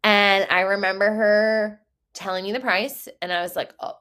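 A woman's voice: medium pitch, measured pace, a bit bright. Woman podcast host, casual monologue, raw and candid, swears a lot, laughs often. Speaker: podcast host and business coach.

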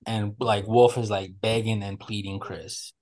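A man's voice: lowish voice, little pitch movement, unhurried, darkish tone. A man hosting a casual podcast chat, telling stories animatedly with a lot of swearing and acting out his friends' lines.

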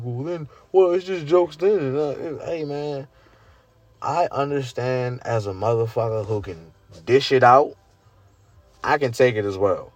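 Animated ranting man, dry close sound. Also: a little slow, no room sound, highs cut off, faint music behind. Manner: animated, incredulous, profane, rising high when worked up. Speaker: vlogger. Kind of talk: casual rant to camera.

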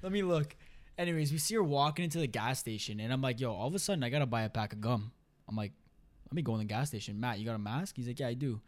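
A young man, a podcast guest telling a profane, animated story and quoting friends in put-on voices. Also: medium pitch, quick pace. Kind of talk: casual storytelling chat.

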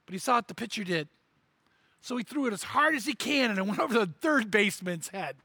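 Bright high-voiced man preaching a story. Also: fairly quick, slightly rough, no room sound. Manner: animated, acts out the characters' lines; repeats words when telling the story. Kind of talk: sermon storytelling.

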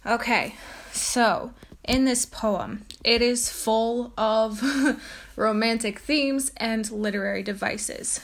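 A woman's voice: fairly high pitch, steady tone, slow pace. A woman giving an informal lecture on a poet and reading a poem aloud, with frequent ums and uhs. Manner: casual, many ums and uhs. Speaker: teacher presenting a poet.

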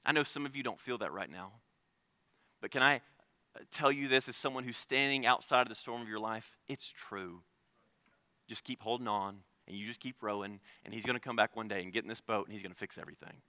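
Young male pastor, bright and forceful tone, dry sound; earnest sermon delivery with hushed dips. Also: on the low side, brisk, no room sound. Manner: earnest preaching, shifts between loud emphasis and hushed tones.

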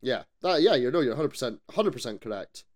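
A man co-hosting a podcast in casual chat, animated, swearing freely and asking rhetorical questions. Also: medium pitch, a little fast. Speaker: podcast co-host.

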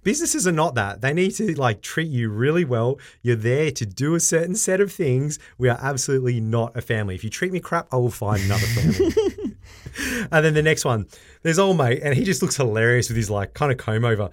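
A man co-hosting a podcast in casual chat, animated and laughing often as he acts out quotes. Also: medium pitch, brisk. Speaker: podcast co-host.

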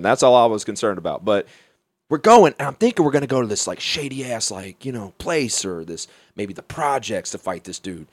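A young man from Alabama telling a wild story in casual talk, profane and animated, often laughing. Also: on the low side, moderate pace, dry recording.

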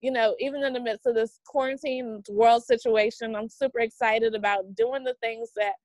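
A woman in her forties speaks with a Southern US accent, her voice sitting fairly high. She guests on a podcast in an upbeat, motivational way and calls people "honey." The recording is close and dry. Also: steady tone, moderate pace, darkish tone, no room sound, poor audio. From American South. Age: 40s. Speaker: podcast guest, business coach. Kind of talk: conversational interview.

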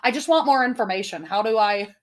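A woman's voice: a little high, lively intonation, quick pace. A woman hosts a casual podcast, mixing a read-out mystery with jokey asides. She giggles often and swears freely. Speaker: podcast host. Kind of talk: casual chat reading a mystery.

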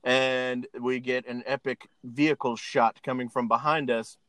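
A man recaps a film scene by scene, giggling as he goes. His voice sits at an ordinary middle pitch. The sound is close and dry. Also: fairly even intonation, measured pace, fairly bright tone, no room sound. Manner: laughs often while retelling scenes. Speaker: podcast host. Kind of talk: casual chat, recapping a film.

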